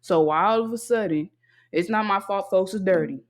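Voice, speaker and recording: A young adult podcast host venting alone in a casual monologue, blunt and heavily profane, hammering home flat refusals. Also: medium pitch, moderate pace.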